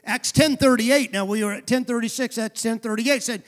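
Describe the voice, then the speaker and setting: A male pastor preaching a sermon, calling for responses from the congregation and rising to shouted emphasis. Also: very high voice, moderate pace, hardly any pauses. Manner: drops to a quiet aside voice for asides.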